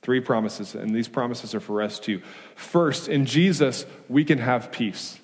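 In a church sanctuary with a long reverberant tail, a male pastor preaches unhurriedly in a middle-pitched voice. He presses points with rhetorical questions, swinging between raised, urgent emphasis and quiet, hushed reassurance.

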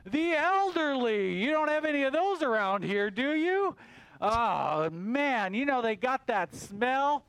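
A man's voice: very high-pitched, big pitch swings, slow pace, a bit bright, smooth, no echo, voice pushed up, full character voice. A man voicing a grumpy, people-hating male moth in a comic story, complaining in a whiny, indignant way. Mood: grumbling.

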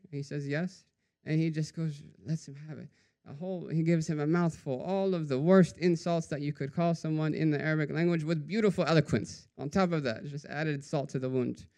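Smooth-voiced man telling a sermon story. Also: a little high, a little mellow. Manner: conversational, says "right?" after nearly every phrase. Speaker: religious teacher.

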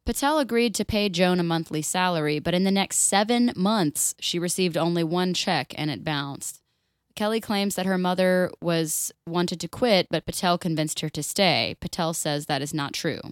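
A woman's voice: on the low side, normal speed, smooth, no room sound, studio quality. A woman co-hosting a casual podcast, reading a story aloud and cutting in with blunt, sweary comments. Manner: blunt, sweary, laughs often. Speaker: podcast co-host.

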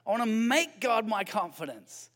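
A man's voice: high-pitched, big pitch swings, moderate pace, a bit bright. A man preaching a sermon as pastor. He speaks conversationally, firing rhetorical questions at the congregation and slipping in light self-deprecating humor.

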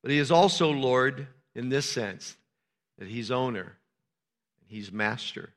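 A male pastor with a bright, forceful voice preaches in a church, moving from quiet, low stretches to loud, raised exhortation. Long reverb from the sanctuary hangs on his words. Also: slow. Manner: swings from soft and low to loud, high-pitched preaching. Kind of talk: sermon.

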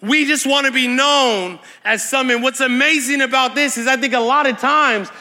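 A young man preaching an energetic Pentecostal sermon with call-and-response, fast and excited, repeating words and shouting to the crowd in a large church hall. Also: very high-pitched. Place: large church hall at a live worship night. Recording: long hall reverb from a live event.

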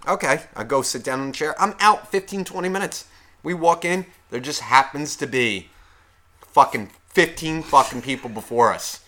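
A man co-hosting a podcast, telling stories in an animated way and swearing constantly. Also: a little high, moderate pace. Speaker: podcast co-host. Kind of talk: casual chat.

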